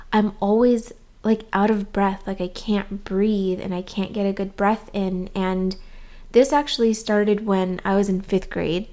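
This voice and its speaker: A woman's voice: mid-range voice, dark tone. A young adult woman talking casually and candidly to her viewers as a YouTuber, with frequent ums and likes. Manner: candid and chatty, with many "um" and "like". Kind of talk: casual chat to camera.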